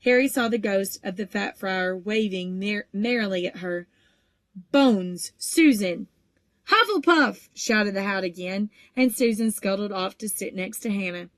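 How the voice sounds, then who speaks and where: A woman's voice: mid-range voice, moderate pace, few pauses, dry recording. Woman reading a story aloud, close and dry. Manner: steady, even storytelling with occasional small stumbles. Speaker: audiobook reader. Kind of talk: audiobook narration.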